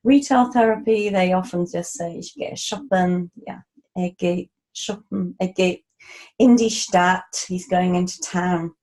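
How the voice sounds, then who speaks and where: A woman teaches German in a relaxed, patient way, pausing for casual asides. She speaks slowly, and her voice is mellow and warm. She comes across as an unhurried tutor. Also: on the low side, low-quality recording. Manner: slow, patient explanations with casual asides and fillers. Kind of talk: relaxed spoken language lesson.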